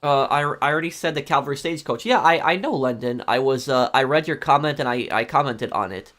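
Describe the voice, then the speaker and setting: Streaming a game, a man talks casually with his viewers, responding to chat in a medium-pitched, slightly bright voice with lively intonation and a fairly quick pace. He hesitates often, filling gaps with ums and starting sentences over.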